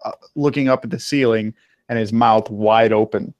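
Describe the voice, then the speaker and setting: A man's voice: on the low side, steady tone, normal speed, no room sound, lo-fi sound. A young man in casual chat, joking wryly about college classmates and swearing casually. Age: young adult.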